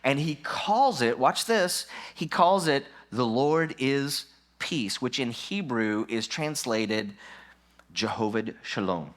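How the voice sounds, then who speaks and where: Pastor, male, mid-range voice: church sermon, emphatic, repeats his main points, swings between hushed and loud. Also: animated, slow. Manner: emphatic, drops low then rises for stress; repeats key lines for effect.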